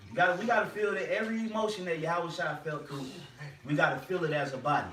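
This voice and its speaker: A man's voice: a little high, quick pace, pushed and bright. A man leading a faith discussion in an emphatic, repetitive, slangy preaching manner. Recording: roomy and distant with faint noise.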